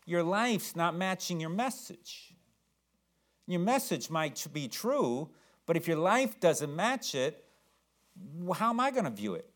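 A man preaching a sermon. His pitch moves a lot, rising high and dropping low. He shifts between loud outbursts and quiet asides. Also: measured pace. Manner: animated preaching with swings between loud and soft.

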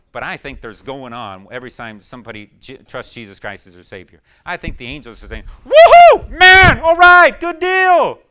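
A man preaching a sermon in a folksy storytelling way, full of fillers and restarts, now and then breaking into excited whoops. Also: fairly low pitch. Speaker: pastor.

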